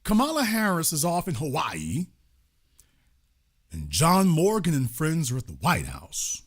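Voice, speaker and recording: A man hosting a live commentary show, ranting in a sarcastic, mocking, profane way, with fast bursts and slow, drawn-out emphasis. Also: a little high, huge pitch swings, slightly rough. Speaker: political commentary host.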